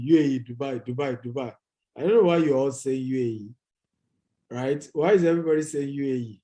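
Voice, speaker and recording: With a warm, medium-pitched voice and a slightly fast pace, the managing director of a real estate company hosts a live session on investing. He hypes up his viewers and keeps urging them to type their replies.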